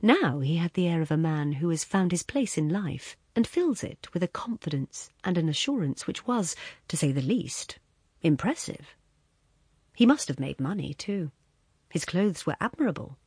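Husky woman narrating a story. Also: lowish voice, no echo, studio quality. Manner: measured, expressive storytelling with soft hushed passages. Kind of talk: audiobook narration.

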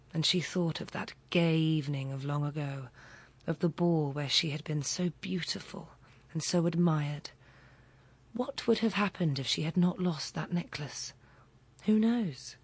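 A woman reads a classic story aloud, slow and deliberate, with dramatic weight on each phrase. Her voice is low-set and breathy, and the sound is close and dry. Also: no echo. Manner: measured, dramatic, softly breathy. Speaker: audiobook reader. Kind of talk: scripted literary narration.

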